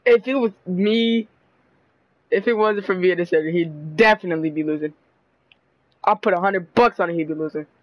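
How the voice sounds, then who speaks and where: A young man giving excitable, laughing, profane commentary while playing a basketball video game, on a dull lo-fi mic. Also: high voice, normal speed, long pauses, no echo. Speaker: gamer. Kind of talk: live gameplay commentary. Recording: dull lo-fi dry mic audio.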